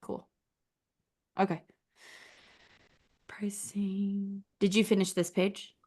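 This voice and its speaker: A woman walking through a website critique in a relaxed, conversational way. She talks casually and encouragingly, filling her sentences with "like" as she thinks aloud. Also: mid-range voice, normal speed. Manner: chatty, encouraging, uses "like" a lot. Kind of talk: casual screen-share critique.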